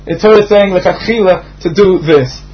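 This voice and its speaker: Man, Talmud lecture, explanatory, slightly high voice, muffled lo-fi recording. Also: normal speed. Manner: explanatory, rhythmic lecturing with frequent fillers. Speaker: Talmud teacher.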